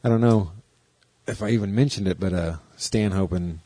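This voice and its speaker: A man's voice: deep voice, normal speed, dark tone, husky, no room sound. A man co-hosting a podcast, telling stories in casual, profane chat and mimicking the people he quotes. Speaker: podcast co-host.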